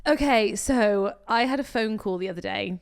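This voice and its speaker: A woman's voice: mid-range voice, normal speed, gravelly, clear, resonant tone. A young woman co-hosting a podcast, talking candidly in casual chat with plenty of swearing and laughter. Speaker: podcast co-host.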